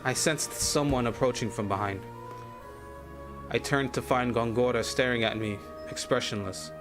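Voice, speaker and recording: A man reads a tragic game story aloud in a measured, grave voice that sometimes drops to a hush. His pitch sits in a middle register, and faint music plays underneath him. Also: steady tone. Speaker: game streamer reading story text. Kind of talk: dramatic reading of game story text.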